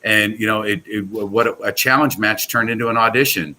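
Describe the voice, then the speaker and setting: A man's voice: on the low side, steady tone, a little fast, bright, forceful tone, poor audio. A man talking as a guest on a casual podcast, rambling and enthusiastic with many restarts. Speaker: guest, pool products company owner.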